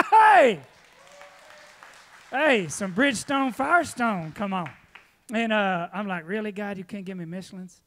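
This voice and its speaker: A man preaching at a church, telling folksy stories with lively laughter, then giving announcements. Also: sits high, moderate pace, some chatter behind. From Texas. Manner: folksy storytelling, animated, laughing often. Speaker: pastor.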